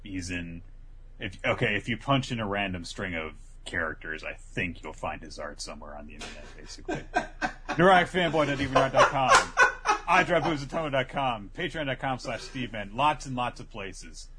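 A podcast co-host reads the outro and plugs in an easygoing way, padding them with filler. His voice is lowish and sing-song at a normal speed, with a noisy background.

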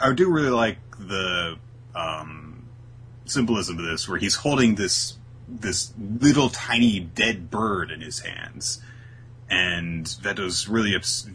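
A man's voice: low-pitched, sharp tone, slight background noise. A man co-hosting a casual talk show, recapping a comic chapter and jumping into quoted voices of its characters. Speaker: podcast co-host recapping a manga chapter.

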